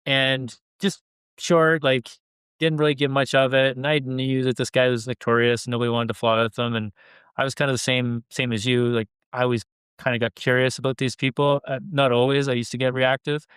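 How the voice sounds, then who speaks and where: A man's voice: medium pitch, level tone, fairly quick, fairly bright tone, clear, resonant tone, no echo. A man, an airline pilot and leadership coach, animatedly telling a workplace story with quoted dialogue on a podcast. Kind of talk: conversational storytelling.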